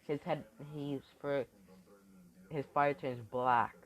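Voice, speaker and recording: A man's voice: mid-range voice, steady tone, slow pace. A man making up a fan story as he goes, rambling with many restarts and ums. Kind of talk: improvised fan-fiction storytelling. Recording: dull lo-fi recording.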